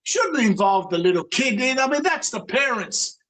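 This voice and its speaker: A very high-voiced man calls in to a livestream. He interrupts and insists as he tries to get a word in. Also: very animated, moderate pace, a bit bright. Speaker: caller. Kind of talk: casual call-in chat.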